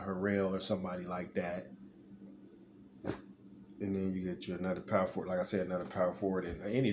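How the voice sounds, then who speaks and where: Male vlogger, deeper voice, casual rambling sports talk, addresses viewers directly. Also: background noise. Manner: rambling, talks straight to viewers, repeats himself.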